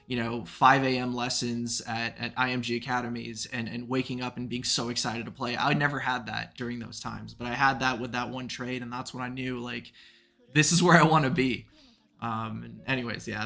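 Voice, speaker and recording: A man's voice: medium pitch, vocal fry, pushed and bright. A man hosting a live stream, chatting in a loose, rambling way with lots of fillers and some swearing. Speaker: stream host. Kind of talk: casual chat on a live stream.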